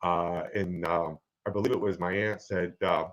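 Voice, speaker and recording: A man in his fifties telling a personal story in a halting, earnest way, with many pauses and fillers. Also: deep voice, steady tone, rough recording. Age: 50s. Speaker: guest sharing his story.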